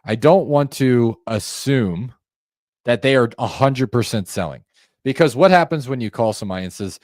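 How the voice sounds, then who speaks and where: A sales trainer with an expressive, mid-range, darkish voice speaks at a moderate pace in a dry, clean studio recording. In an instructional screen-share walkthrough, he coaches viewers through a sales call script, acting out calls to demonstrate how each line should sound on the phone, and addresses his audience directly in a conversational way.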